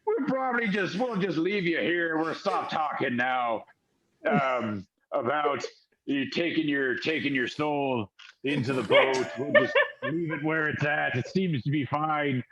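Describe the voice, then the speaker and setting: A man's voice: on the high side, animated, measured pace, a crowd in the background. A man doing a chummy haunted boat of dead sailors. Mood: rambling. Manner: chummy, rambling, sailor-ish. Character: boat crewed by many dead souls, friendly, rambling. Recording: dull lo-fi audio.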